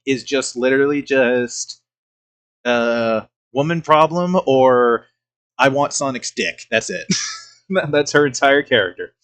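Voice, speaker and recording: Man, casual reaction commentary, mid pitch, frequent laughs, loose swearing. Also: a bit bright. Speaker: reaction streamer host.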